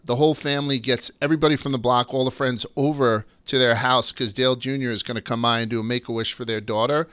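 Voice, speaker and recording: A man with a bright, forceful voice hosts a laid-back podcast and spins stories with plenty of swearing. His delivery is clean and crisp, recorded close and dry with no room sound. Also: mid-range voice, fairly even intonation, quick pace, hardly any pauses, no room sound. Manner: loose and swearing, storytelling. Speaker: podcast host. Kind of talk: casual podcast chat.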